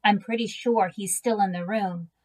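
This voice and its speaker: A woman's voice: mid-range voice, fairly even intonation, moderate pace, lightly acted. A woman reading a children's storybook aloud and voicing a flustered middle-aged father who is a school principal, alternately pleading and firm. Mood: hushed coaxing. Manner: pleading, then firm and coaxing.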